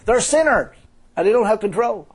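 A man's voice: high-pitched, lively intonation, normal speed, husky. A man preaching an informal sermon mixed with his own testimony, talking conversationally, repeating phrases and chuckling often.

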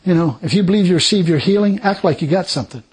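Male preacher, husky and higher-pitched, swinging his intonation widely, emphatic and repetitive, calling out praise. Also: quick pace, darkish tone. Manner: laughs between points. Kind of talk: sermon.

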